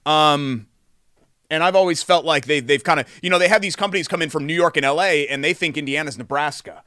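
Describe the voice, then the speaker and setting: Bright-voiced male sports show co-host. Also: on the high side, a little fast, clean tone, no room sound, clean studio sound. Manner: animated, with frequent fillers and restarts. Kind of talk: casual sports chat.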